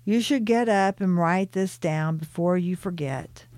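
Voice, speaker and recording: A woman's voice: on the low side, a little slow, a little mellow, dry recording, clean studio sound, natural voice. A woman voicing the bored, witty spirit of a male orca in a spoken book reading, in her own plain voice. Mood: teasing.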